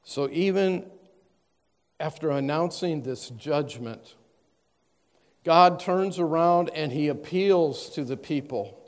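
Man preaching in a reverberant hall. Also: fairly high pitch. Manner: reads scripture in a measured, stressing cadence, then explains plainly. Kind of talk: sermon with scripture reading.

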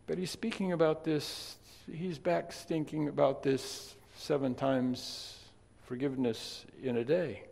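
A man preaching a sermon, chatty in his asides and then emphatic and loud on key points. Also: on the high side, steady tone, unhurried, creaky, few pauses. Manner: conversational, swings from quiet asides to emphatic loud stresses. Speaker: pastor. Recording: long reverb of a large hall.

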